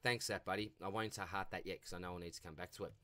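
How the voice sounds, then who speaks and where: A man's voice: deep voice, steady tone, racing, sharp tone. A man with an Australian accent hosting a casual viewer Q&A, chatty and matey as he answers questions. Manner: chatty and matey, often says mate. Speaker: fantasy football channel host.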